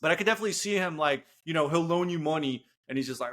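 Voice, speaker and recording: A young man co-hosting a casual sports podcast, joking and slipping into quick impressions as he tells stories. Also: a little high. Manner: animated, jokey storytelling with quick bits of mimicry. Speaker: podcast co-host.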